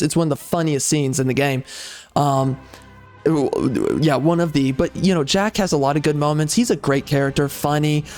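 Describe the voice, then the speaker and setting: A man's voice: on the high side, a little mellow. A man hosting a gaming channel, giving opinionated commentary in a rambling, emphatic way with many fillers and restarts.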